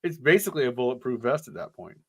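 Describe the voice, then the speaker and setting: A man co-hosting a podcast, chatting and joking while reading an adventure gamebook aloud. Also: mid-range voice. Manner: jokey, animated, quick asides. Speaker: podcast co-host.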